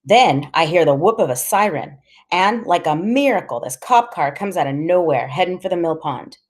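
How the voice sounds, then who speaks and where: Woman, audiobook reader, low-pitched, animated, casual slangy telling. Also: normal speed. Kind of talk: first-person story reading.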